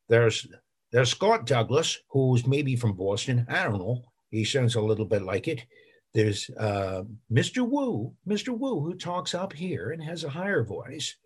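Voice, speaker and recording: A man's voice: lowish voice, a little mellow, husky. A middle-aged man, an actor and voice actor, telling rambling, self-deprecating stories in a casual interview.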